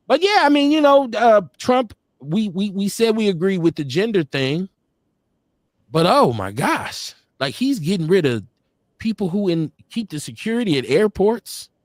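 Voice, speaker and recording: Speaking over a streaming call, a male co-host of a live-stream talk show is blunt, profane, and laughing in casual conversation. His voice sits on the high side, and the sound is clean studio quality without echo.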